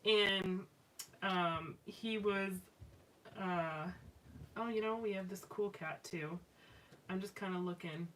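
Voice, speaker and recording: A woman's voice: medium pitch, takes it slowly, long pauses, fairly bright tone. Chatty woman, mic a bit distant. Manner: chatty and rambling, with many fillers and restarts. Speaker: live-stream craft host. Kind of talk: casual chat while scrapbooking live. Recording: slightly distant mic with faint background noise.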